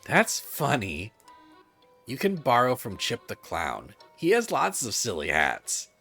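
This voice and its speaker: A man's voice: mid-range voice, wildly swooping pitch, slow, gravelly, sharp tone, breathy edge, soft background music, full character voice. A man reading a video game aloud, voicing a playful, cryptic young circus acrobat girl in a lifted voice. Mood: teasing.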